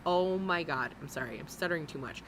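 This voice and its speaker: A woman's voice: low voice, brisk, background noise. A woman giving blunt, mocking reaction commentary, swearing freely as she talks over a clip. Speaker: commentary host.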